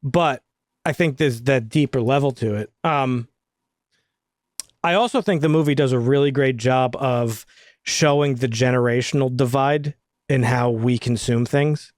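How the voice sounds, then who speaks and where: A man chatting casually on a film review podcast, swearing freely and getting animated when he tells stories. His voice sits in a middle pitch. The sound is dry and close, with no room echo. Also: a little slow. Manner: profane, animated storytelling. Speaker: podcast co-host.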